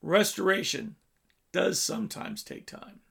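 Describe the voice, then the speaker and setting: Male preacher, high and gravelly, dynamic sermon delivery. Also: big pitch swings, unhurried, fairly bright tone. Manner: storytelling preaching, swells and drops in volume.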